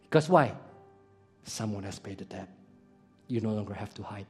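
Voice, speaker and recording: A male pastor preaching an animated sermon, swinging between loud exclamations and soft, quiet asides, full of rhetorical questions and stories. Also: fairly low pitch, normal speed, soft background music.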